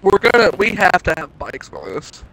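A man's voice: expressive, moderate pace, pushed and bright, low-quality recording. A man chatting casually with friends while gaming, teasing them playfully. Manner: teasing, playful, slips into mock high and low voices. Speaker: gamer.

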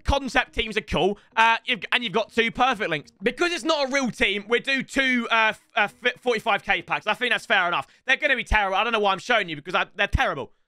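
A young man, chatting casually as he rates viewers' football game teams, swearing and breaking into loud yells. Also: sits high, animated, fast, hardly any pauses, smooth, no room sound. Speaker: FIFA YouTuber rating viewer teams. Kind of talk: casual gaming commentary.

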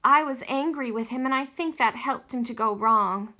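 A woman's voice: fairly high pitch, normal speed, pushed and bright. A woman reading a storybook aloud, voicing an earnest young boy, the eldest brother, in a hesitant, sincere voice.

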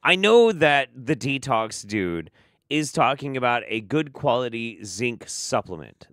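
A man hosting a sarcastic commentary show, reacting to clips with profane mockery and sudden loud outbursts. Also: mid-range voice, very animated, takes it slowly, no room sound, studio quality. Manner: profane, mocking, swings between muttering and loud outbursts.

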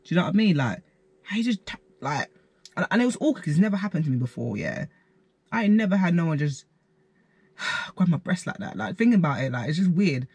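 A man's voice: fairly high pitch, very animated, fast talker, long pauses, a little mellow, slightly rough, no echo. A young man, telling a story in slangy, chatty vlog style with quoted asides. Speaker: vlogger. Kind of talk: casual storytime.

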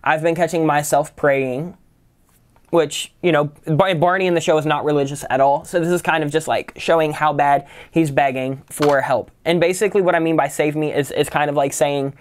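In a casual lyric-writing tutorial, a man walks through a song line by line, analyzing its rhymes and syllable structure and often saying "kind of" and "right?". His voice is on the high side, steady in tone, at normal speed.

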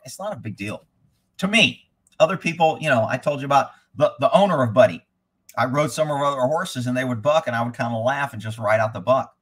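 A man who trains horses, giving blunt, rambling live commentary over riding footage and swearing freely. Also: mid-range voice.

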